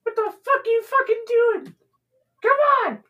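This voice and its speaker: A man voicing a foul-mouthed, impatient male companion who yells and curses in a shrill voice during a tabletop role-play game. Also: normal speed, lo-fi sound. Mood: angry yelling. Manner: shrill, cursing, yelling.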